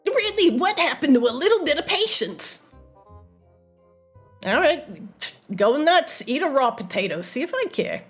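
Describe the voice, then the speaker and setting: A woman's voice: high-pitched, sing-song, measured pace, a bit bright, soft background music, pitched above the performer's own voice, heavily acted. A woman voicing an irritated little male goblin cook who scolds and snaps at intruders. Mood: sulky. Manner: snappish, scolding. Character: irritated male goblin kitchen master, small and defiant.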